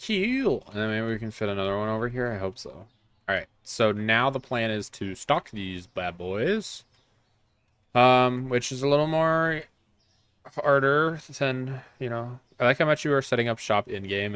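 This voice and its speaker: A man's voice: medium pitch, animated, normal speed, a bit bright, clean tone, dry recording. A man streaming a video game, chatting casually and rambling in a jokey, self-mocking way. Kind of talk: casual let's-play commentary.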